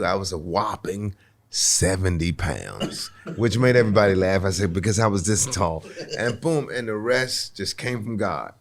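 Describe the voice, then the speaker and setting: A man, a comedian guest on a podcast, telling a long anecdote in an animated way, repeating words as he restarts and acting out other people's voices. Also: on the low side, normal speed. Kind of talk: storytelling anecdote. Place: podcast recording.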